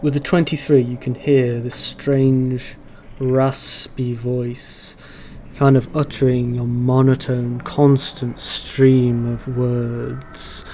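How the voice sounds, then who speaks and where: A man narrating as dungeon master in an online tabletop game, describing scenes in a measured way. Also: medium pitch, little pitch movement, dark tone, a little hiss or hum. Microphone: online voice call.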